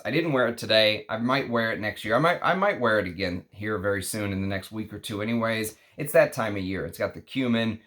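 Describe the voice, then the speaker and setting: A man casually reviewing fragrances on his vlog, lingering with enthusiasm over long lists of scent notes. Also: lowish voice.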